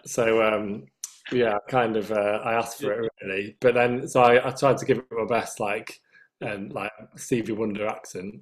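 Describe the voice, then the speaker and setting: A man's voice: on the low side, fairly even intonation, moderate pace. A man with a Northern English accent, a singer telling anecdotes as an interview guest and laughing at his own stories. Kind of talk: casual anecdotal chat.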